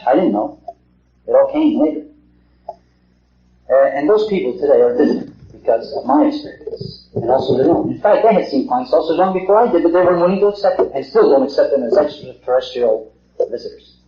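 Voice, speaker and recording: A man's voice: a little high, big pitch swings, a little fast, a little hiss or hum. Earnest man lecturing on old tape. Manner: earnest, rhetorical questions, repeats himself. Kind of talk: public talk to a small group. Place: meeting hall. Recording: echoey hall, dull 1950s tape.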